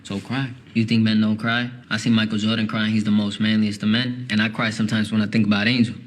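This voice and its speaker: A man plays a tender father in a film drama, speaking softly and reassuringly to his young son. His voice sits a little low and is kept gentle throughout. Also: flat delivery, quick pace, natural voice. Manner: gentle, soft-spoken, reassuring.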